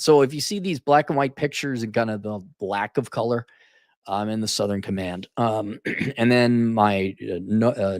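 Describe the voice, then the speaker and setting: Middle-aged dude doing a livestream, sarcastic and cussing, reads out donations, voice jumps all over, dry close mic. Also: male voice, medium pitch, darkish tone, no echo. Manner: blunt, profane, sarcastic, jumps into mocking impressions. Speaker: livestream host reading viewer donations. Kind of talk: casual livestream commentary. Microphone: studio mic in a home room with soundproofing panels.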